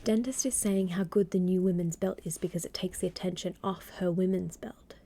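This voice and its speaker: A woman streaming live from home at a desk microphone, reading aloud and chatting in a gentle, wry voice that often drops to a half-whisper. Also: lowish voice, steady tone, a little fast. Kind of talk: soft-spoken stream reading and chat.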